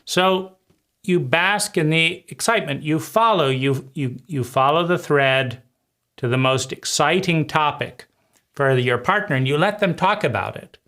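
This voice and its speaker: A man gives a spoken lesson on conversation skills at an unhurried, measured pace. His voice sits a little high for a man. He circles back over his points and checks in with the listener as he goes. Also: animated, a bit bright. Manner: slow, deliberate, repeats phrases and asks "right?". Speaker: life coach.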